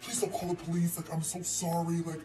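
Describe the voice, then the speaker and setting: A woman's voice: fairly low pitch, flat delivery, fairly quick, mellow, echoey room, soft background music, voice pushed down, natural voice. A woman putting on the voice of her panicked male neighbor, pleading and apologetic. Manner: begging, apologetic.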